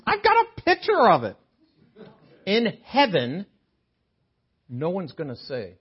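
An older man delivers a sermon in a chapel, swinging his pitch up and down as he jokes with the congregation. His voice is husky, and the recording sounds dull and lo-fi. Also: a little slow, pauses often. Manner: animated, joking with the congregation. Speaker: guest preacher. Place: chapel sanctuary.

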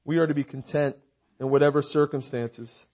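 A man's voice: fairly high pitch, fairly even intonation, normal speed. A young to middle-aged man preaching a sermon in an emphatic way, often checking in with the congregation and reading scripture aloud. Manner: rhetorical, keeps asking "right?". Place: church meeting hall. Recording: dull lo-fi recording.

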